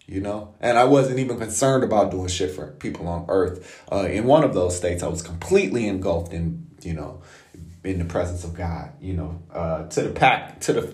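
A man's voice: fairly low pitch, darkish tone. A man hosting a podcast, talking in a loose, rambling monologue full of swearing. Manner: profane, loose and conversational. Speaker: podcast host. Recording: roomy echo.

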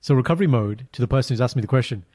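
A man co-hosting a podcast, telling a story in a casual, animated way and jumping into high, exaggerated voices. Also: rapid-fire. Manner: animated storytelling, breaks into high mock greetings. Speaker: podcast co-host. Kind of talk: casual chat.

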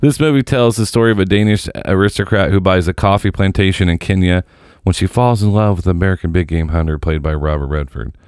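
A man's voice: sits low, steady tone, fast talker, darkish tone, clear, resonant tone, dry recording. A man in casual conversation, reading out a movie list with wry, dry asides.

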